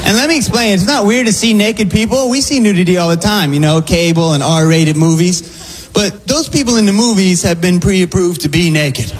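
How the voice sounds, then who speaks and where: High-voiced man doing a comedy bit. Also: normal speed, faint music behind. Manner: wry joke delivery. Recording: noisy recording.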